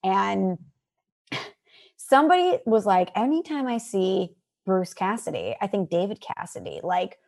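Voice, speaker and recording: A woman co-hosting a casual podcast, telling stories with lively energy and frequent laughter. Her voice sits at a middle pitch, and her delivery is chatty and expressive. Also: a little slow, vocal fry. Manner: animated storyteller, laughs often. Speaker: podcast co-host. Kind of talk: casual chat.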